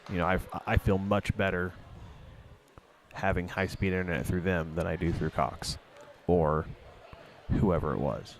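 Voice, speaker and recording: A man doing color commentary at a high school basketball game, relaxed and chatty, full of "you know" and "like.". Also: a little slow, a little hiss or hum.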